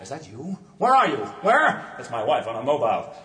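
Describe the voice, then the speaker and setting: A man's voice: medium pitch, huge pitch swings, fairly quick, fairly bright tone, roomy sound. A man playing a desperate married man in a musical, anxious and pleading, who also sings. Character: desperate married man fleeing his life. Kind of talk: musical theatre acting and singing.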